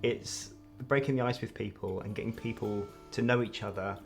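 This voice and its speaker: A man's voice: fairly low pitch, fairly even intonation, moderate pace, over music. A man, chatting casually as a guest about his work as a wedding magician and acting out people's reactions as he talks. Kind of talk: casual chat.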